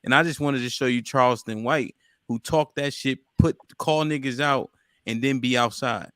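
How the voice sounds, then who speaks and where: A man's voice: mid-range voice, normal speed, a bit bright, smooth, no room sound. Man, podcast host, blunt and profane, dry close sound. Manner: blunt, swears casually. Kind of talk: casual group discussion.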